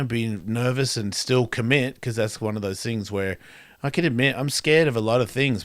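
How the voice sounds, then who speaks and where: A man's voice: lowish voice, no echo, clean studio sound. A man hosting a radio talk show, musing candidly in a rambling way with lots of fillers and restarts. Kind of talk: reflective casual monologue.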